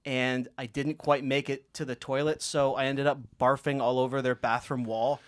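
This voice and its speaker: A man's voice: medium pitch, level tone, moderate pace, smooth. A man telling a party story on a podcast, sheepish and laughing between lines.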